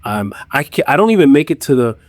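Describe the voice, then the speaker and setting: A man's voice: mid-range voice, very animated, fast talker, no echo. A man interviewed on a podcast as an entrepreneur guest, talking earnestly in personal anecdotes and laughing at himself. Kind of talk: casual interview chat.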